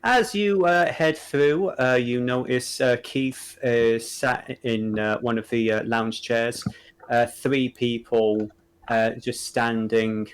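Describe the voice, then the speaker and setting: A man narrating as dungeon master in a live tabletop game, unhurried and full of filler words. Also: medium pitch, steady tone, smooth, rough recording.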